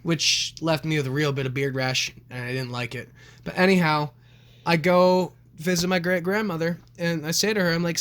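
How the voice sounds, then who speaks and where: A young male co-host with a fairly high pitch talks at an ordinary pace on a casual podcast. Swearing freely, he tells family stories with energy and acts out the voices of the people in them.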